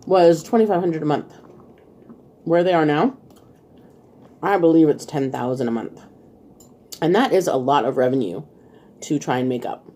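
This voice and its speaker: A woman's voice: low-pitched, dark tone. A woman hosting a casual eating vlog, chatting while she eats and laughing often. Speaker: vlog host. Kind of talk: casual mukbang chat.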